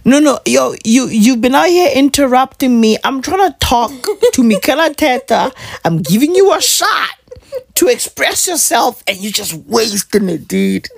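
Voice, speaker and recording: A man's voice: extremely high pitch, big pitch swings, unhurried, vocal fry, dry recording, clean studio sound. A man vlogging in casual chat with his wife, teasing and joking in playful banter.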